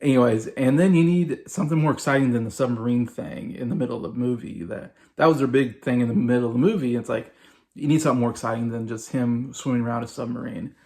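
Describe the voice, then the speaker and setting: A man's voice: medium pitch, fast, a little mellow. A man in his forties giving a casual, rambling movie review, full of fillers and repetition. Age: 40s. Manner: rambling, filler-heavy, repeats himself.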